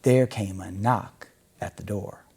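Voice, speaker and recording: Man reading a children's story, gravelly, low voice, unhurried, expressive. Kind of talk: storybook read-aloud.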